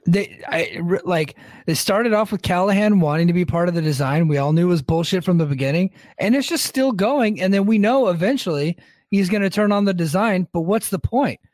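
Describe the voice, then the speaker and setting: A man's voice: high-pitched, lively intonation, fairly quick, a little mellow, no room sound, clean studio sound. A man co-hosting a wrestling podcast, recapping events in a loose, joking way with frequent laughs. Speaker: podcast co-host.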